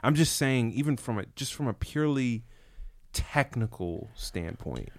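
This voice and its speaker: A man's voice: medium pitch, lively intonation, measured pace, no echo, clean studio sound. A man co-hosting a casual talk show, talking with enthusiasm and many restarts. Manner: emphatic, enthusiastic, hesitant restarts. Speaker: podcast co-host. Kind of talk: casual chat.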